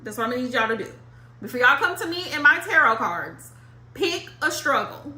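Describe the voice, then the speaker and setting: A woman talks straight to her viewers about tarot with blunt, emphatic repetition, slang and the odd curse word. Her voice sits high and bright. The room gives it a noticeable echo. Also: very animated, quick pace. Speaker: tarot reader. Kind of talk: casual monologue to viewers.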